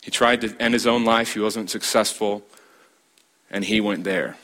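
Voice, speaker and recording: A man preaching a sermon as a pastor, building emphasis with dramatic pauses and repeated phrases. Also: fairly low pitch, steady tone, pushed and bright.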